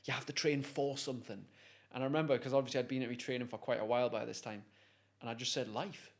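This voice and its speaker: A man's voice: mid-range voice, fast talker. A man, a guest and motivational speaker, telling stories animatedly in conversation. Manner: animated, acts out voices. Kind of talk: storytelling in conversation.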